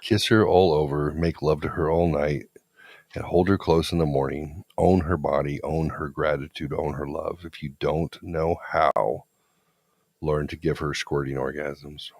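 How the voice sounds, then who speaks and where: Very deep-voiced blunt storytelling man. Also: fairly even intonation, unhurried, a little mellow, no room sound. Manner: blunt, profane, confident storytelling. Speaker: podcast co-host. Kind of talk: casual storytelling chat.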